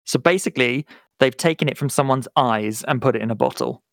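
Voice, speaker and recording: Casual UK male podcast co-host, joking, stumbles on long words, mid pitch. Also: brisk, creaky, a bit bright, no room sound. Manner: playful, stumbles over hard words. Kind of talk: casual chat.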